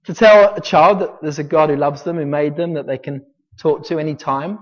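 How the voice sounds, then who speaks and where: A man in his forties from Britain preaching a sermon, emphatic, with rhetorical questions and dramatic pauses. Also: fairly high pitch, steady tone. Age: 40s. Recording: dull sound with long hall reverb.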